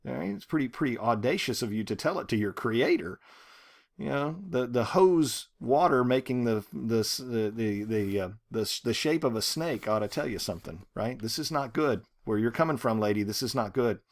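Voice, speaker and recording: A man teaching a short story, talking in an animated, rhetorical way and often checking in with "right?". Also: mid-range voice, normal speed. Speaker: literature teacher.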